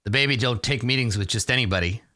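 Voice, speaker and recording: A man voicing a bored male halfling doorman with flat, gruff street talk. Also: mid-range voice, fast talker, no echo, studio quality, natural voice.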